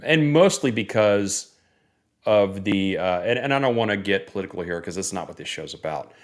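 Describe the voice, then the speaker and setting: A man's voice: lowish voice, animated, normal speed. A man from Northeast Florida co-hosting a casual sports podcast, easygoing and rambling, with plenty of fillers and restarts. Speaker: podcast co-host.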